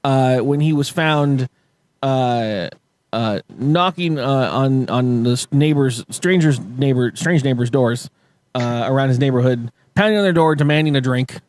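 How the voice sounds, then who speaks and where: A man's voice: mid-range voice, unhurried, darkish tone. A man telling stories on a casual podcast, rambling with many fillers and restarts and laughing often. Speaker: podcast co-host.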